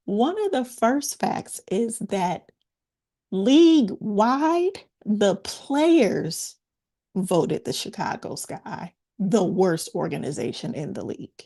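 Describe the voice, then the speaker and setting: A woman hosting a casual sports talk show, making her case slowly and deliberately, point by point. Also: mid-range voice, lively intonation, mellow. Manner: measured, deliberate, builds points in lists. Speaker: host.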